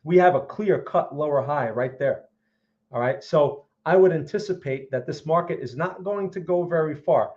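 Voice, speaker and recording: A man hosts a live market analysis stream in a fairly high voice. He talks emphatically and keeps checking in with his viewers. The audio is a little dull and lo-fi. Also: normal speed, darkish tone. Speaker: trading analyst host.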